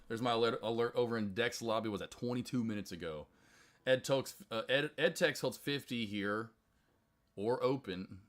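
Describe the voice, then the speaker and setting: Bright-voiced excitable male stream host. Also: fairly low pitch. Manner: excitable, chatty, quotes others in loud outbursts. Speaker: stock trading livestream host. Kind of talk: casual live-stream chat to viewers.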